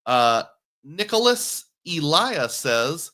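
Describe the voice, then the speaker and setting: Bright-voiced chatty male livestream host. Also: mid-range voice, normal speed. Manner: chatty, jokey, self-deprecating. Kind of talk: casual livestream talk, reading viewer comments.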